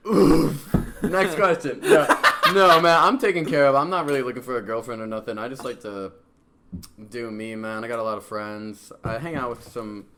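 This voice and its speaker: A young man from the Midwest joins a casual podcast chat, joking and cursing freely with frequent laughs. His voice sits at an ordinary male pitch. A faint hiss runs under the recording. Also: brisk, sharp tone. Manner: swearing, joking, laughs often. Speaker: guest.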